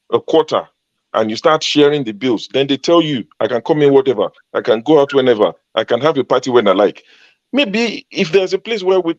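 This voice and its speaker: A man's voice: fairly high pitch, dry recording. A man from Ogun State in Nigeria, a panel guest arguing emphatically in a heated debate and repeating his points for force. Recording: dull lo-fi sound.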